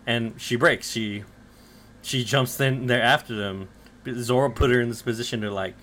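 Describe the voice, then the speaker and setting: A man's voice: mid-range voice, steady tone, a little fast, a bit bright, slight background noise. A man co-hosting a podcast, retelling anime episodes in loose casual chat full of fillers, swearing and acted-out character lines. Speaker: podcast co-host recapping anime.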